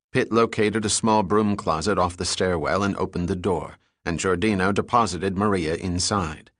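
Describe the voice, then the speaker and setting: A man reading an adventure novel aloud in a steady storytelling delivery. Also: low voice, moderate pace, hardly any pauses, dry recording, studio quality. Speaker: audiobook narrator. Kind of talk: scripted narration.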